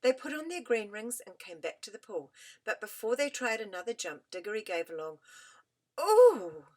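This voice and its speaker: A woman reading a children's story aloud as an audiobook narrator, gentle and expressive. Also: medium pitch, a little fast.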